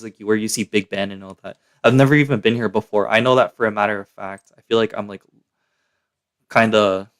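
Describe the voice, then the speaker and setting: A man's voice: fairly low pitch, a bit bright. Slangy young guy streaming. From Canada. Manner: slangy and chatty, full of "yo" and "like". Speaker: live streamer. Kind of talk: casual live-stream commentary.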